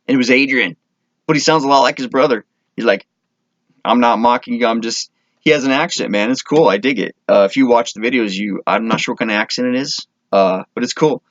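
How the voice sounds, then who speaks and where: A man's voice: mid-range voice, dry recording, highs cut off. Rambling, enthusiastic man vlogging. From Minnesota. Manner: rambling, self-correcting, enthusiastic. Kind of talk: casual chat to camera.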